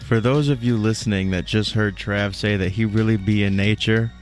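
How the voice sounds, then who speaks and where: A male radio host running a casual interview, relaxed and quick to laugh along with his guest. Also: on the low side, faint music behind. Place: radio station studio.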